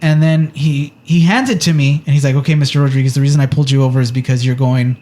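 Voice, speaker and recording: A man's voice: mid-range voice, steady tone, fast talker, dark tone. A man co-hosting a podcast, telling a story in casual chat and acting out the quotes with animation. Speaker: podcast co-host.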